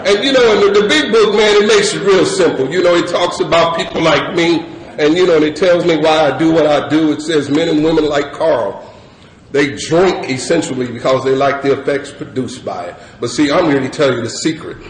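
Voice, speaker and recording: A middle-aged man sharing his personal recovery story at a meeting, animated and laughing, with lots of "you know" fillers. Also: fairly high pitch, brisk. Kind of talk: personal testimony share. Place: meeting hall with audience. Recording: echoey hall with crowd noise. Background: audience murmur and ambience.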